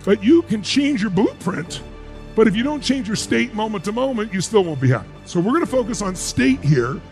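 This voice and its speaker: Animated, high-voiced male motivational speaker. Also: brisk, faint music behind. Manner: emphatic, asks the crowd rhetorical questions. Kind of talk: live seminar speech to an audience.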